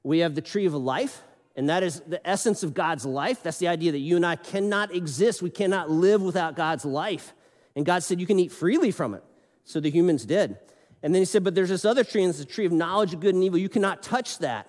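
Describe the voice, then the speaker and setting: A man with a fairly high voice gives a sermon to a church congregation. He tells the story in a chatty, animated way and keeps turning to talk straight to the kids. His voice rings out with the long reverb of a large church hall. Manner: conversational, animated storytelling with quick asides to kids. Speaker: pastor.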